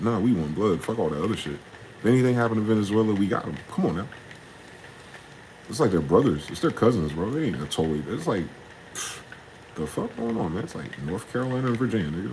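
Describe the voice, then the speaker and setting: A young man, ranting in a casual, profane solo monologue, jumping from heated questions to low muttering. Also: very animated, fast, noisy background. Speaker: podcast host.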